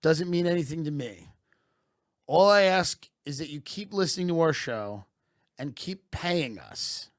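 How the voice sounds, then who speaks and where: A man doing a satirical comic monologue as a podcast host, deadpan and mock-patriotic, sometimes building into loud rants. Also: a little high, unhurried, no echo, studio quality.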